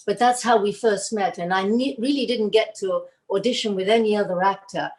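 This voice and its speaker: An older woman, an actress, recounting her early career in a rambling, animated way, acting out the lines she quotes. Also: mid-range voice, brisk, rough recording. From Argentina. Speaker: actress telling career stories. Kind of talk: casual storytelling.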